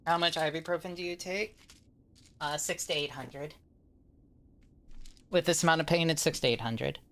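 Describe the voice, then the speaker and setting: A woman streamer in pain and low on energy, rambling casually with her chat and swearing now and then. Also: normal speed, fairly bright tone.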